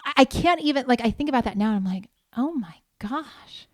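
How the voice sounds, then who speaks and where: A middle-aged woman co-hosting a talk podcast, telling personal stories in a candid, animated way. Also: fairly high pitch, very fast, dry recording, clean studio sound. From Southern California. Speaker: podcast co-host. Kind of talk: casual chat.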